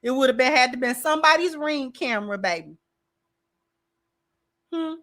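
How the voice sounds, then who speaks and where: A woman's voice: high voice, animated, moderate pace, a bit bright. A woman hosting a commentary channel, reacting in a sassy, emphatic way and calling people baby.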